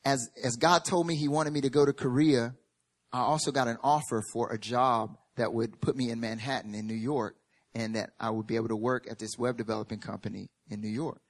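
A pastor preaching a sermon shares a personal story, mixing humor with emphatic repetition and now and then dropping into a quiet, earnest tone. His mid-range voice is steady and fairly quick.

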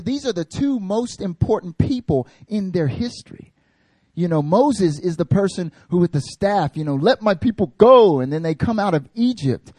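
A man preaching a casual, joking sermon in an animated, slangy way. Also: high-pitched, no echo.

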